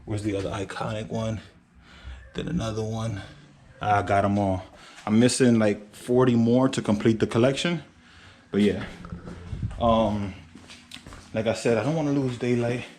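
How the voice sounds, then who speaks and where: A man's voice: lowish voice, steady tone, moderate pace, pauses often, darkish tone, a little hiss or hum. A young man chatting casually to camera outdoors by his truck and garage, loose and rambling with fillers. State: out of breath. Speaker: car vlogger. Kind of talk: casual vlog talk to camera.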